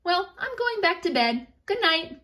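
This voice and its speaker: A woman voicing a gentle mother who speaks softly and soothingly. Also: very high voice, sing-song, measured pace, pitched above the performer's own voice, heavily acted. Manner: soft, soothing, comforting. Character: warm, soothing mother figure.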